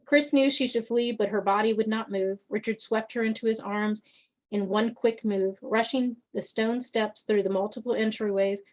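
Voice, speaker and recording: A woman reading her own fantasy story aloud in a steady, measured way. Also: a little high.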